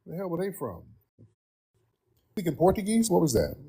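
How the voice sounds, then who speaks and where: A man's voice: high-pitched, huge pitch swings, normal speed, warm tone, slightly rough. A man hosting a live call-in stream, talking loosely and drawling to the room and his callers. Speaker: host.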